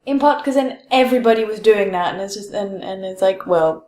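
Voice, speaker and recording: A woman's voice: medium pitch, a little fast, darkish tone. A woman taking part in a casual podcast chat, easygoing and laughing along. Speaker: podcast co-host. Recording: echoey room.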